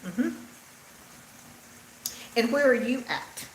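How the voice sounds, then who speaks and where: An older Texan woman with a Southern drawl hosts a casual cooking livestream from her home kitchen, chatting and answering viewer comments as she cooks. Her voice is a little high with lively intonation, and she speaks extremely slowly. The sound is reverberant with a slight hiss or hum.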